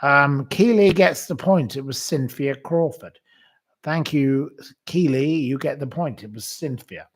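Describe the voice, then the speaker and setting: A man's voice: fairly high pitch, a little slow. A man hosting a live online quiz, chatting casually, rambling and calling out viewers by name. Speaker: livestream quiz host.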